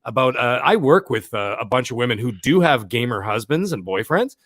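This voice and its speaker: A man's voice: medium pitch, expressive, a little fast, fairly bright tone, no echo, studio quality. Joking male podcast guest. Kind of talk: casual podcast chat.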